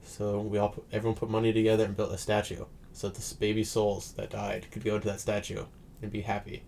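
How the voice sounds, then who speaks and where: A man's voice: fairly low pitch, completely flat delivery, fast talker, gravelly, a little mellow, a little hiss or hum. A young man in casual podcast chat, talking loosely with lots of hesitation and fillers. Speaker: podcast co-host.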